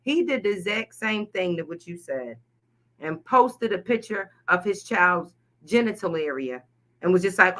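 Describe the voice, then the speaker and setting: A woman co-hosting a casual talk show, speaking in an animated, outspoken, slangy way. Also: on the low side, normal speed. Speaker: co-host. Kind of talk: casual chat.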